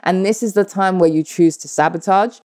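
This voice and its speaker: Woman, 30s, vlogger: low-pitched, dry close sound, profane and animated telling a story to her viewers. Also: normal speed, dry recording. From United Kingdom. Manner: animated, blunt and profane, addresses viewers directly. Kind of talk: candid personal storytelling.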